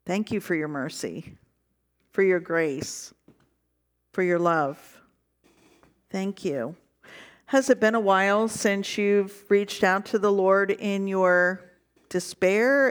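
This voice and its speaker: A woman's voice: mid-range voice, slow. A woman pastor preaching a sermon, reflecting on the passage and telling a personal story.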